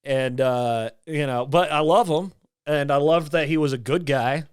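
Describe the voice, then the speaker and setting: A young man co-hosting a movie review podcast, talking loosely and laughing as he retells scenes. His voice is smooth and a touch higher than most men's, recorded close and dry with no room sound. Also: unhurried, no echo. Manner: joking, laughing, mimics characters. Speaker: podcast co-host. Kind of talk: casual film review chat.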